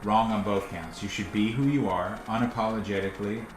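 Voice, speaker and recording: A man's voice: lowish voice, fairly quick, background noise. A man, the creator of a cartoon, telling stories in casual chat, laughing often. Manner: chatty, laughs often, animated storyteller. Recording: roomy echo, faint music.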